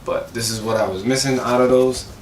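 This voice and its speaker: A man with a hoarse, cracking voice, rambling eagerly and slangily through a casual sneaker review. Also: medium pitch, steady tone, a little fast, roomy sound, recorded from a distance, a little hiss or hum.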